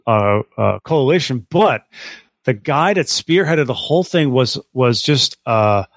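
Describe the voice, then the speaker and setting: A man with a mid-range voice tells a story on a casual podcast. He talks in a lively, excited way, swears freely and often restarts his sentences. The sound is dry and close, with no room sound. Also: medium pitch, unhurried, no echo. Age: adult, married. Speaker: podcast co-host. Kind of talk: casual chat.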